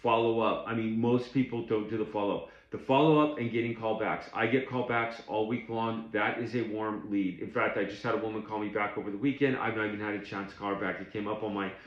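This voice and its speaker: A man's voice: on the low side, fairly even intonation, fairly quick, few pauses, reverberant, dull audio. A man coaching beginners in a casual, blunt and plainspoken way, often restarting his sentences. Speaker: tax overage business coach. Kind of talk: casual instructional talk to camera.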